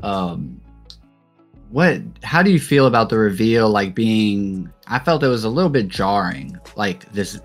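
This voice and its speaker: A man co-hosting a podcast, speaking in a halting way full of filler words. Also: on the low side, animated, faint music behind. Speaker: podcast co-host. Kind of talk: casual chat.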